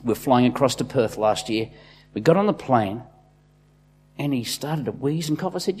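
A man preaching a sermon as a pastor, swinging between loud, impassioned bursts and quiet, intimate asides. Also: on the high side, expressive, moderate pace, husky.

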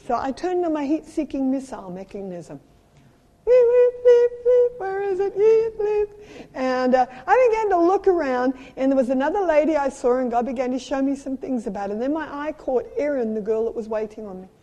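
In a big hall with long reverb, a traveling preacher, a middle-aged South African woman with a high, mellow voice, shares animated personal stories. She adds playful sound effects and exhorts her audience with emphasis.

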